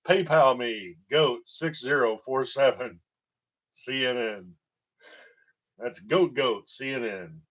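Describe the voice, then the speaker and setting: A storytelling vlogger from Tennessee, USA takes his time rambling through comic stories, laughing at his own jokes. His medium-pitched voice has a fairly bright tone, and the lo-fi recording is dull.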